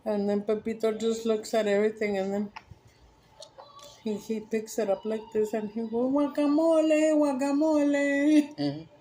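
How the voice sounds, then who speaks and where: Brief: woman vlogger, relaxed mellow voice, rambling storyteller, faint background hiss. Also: medium pitch, moderate pace, long pauses. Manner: rambling, animated joke-telling with frequent self-corrections. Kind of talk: casual storytelling.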